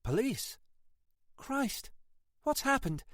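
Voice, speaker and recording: A man's voice: very high voice, big pitch swings, drawn-out words, a bit bright, no echo, studio quality, voice pushed up, heavily acted. A man reading an audiobook, voicing a wary, curt young woman answering the phone.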